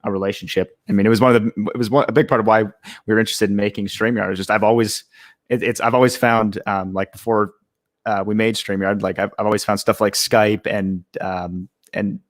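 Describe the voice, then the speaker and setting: Low-voiced young man, relaxed and dry. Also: brisk, no room sound. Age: young adult. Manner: relaxed, many fillers and restarts. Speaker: guest, startup co-founder. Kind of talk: casual live-stream interview.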